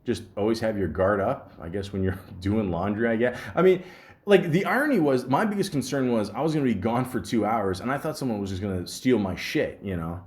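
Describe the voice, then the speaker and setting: A man's voice: lowish voice, expressive, fairly quick. A man hosts his podcast and tells a story in a loose, rambling way. He swears often and trips over restarts. His voice rises and falls with a lot of movement. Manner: profane, rambling, stammers restarts. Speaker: podcast host. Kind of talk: casual storytelling.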